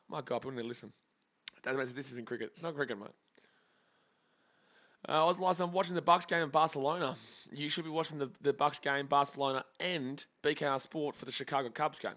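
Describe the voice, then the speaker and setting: Bright, chatty man streaming. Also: on the high side, fairly even intonation, quick pace, lo-fi sound. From Australia. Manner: chatty, rambling, jokey. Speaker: sports streamer. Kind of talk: live game reaction commentary.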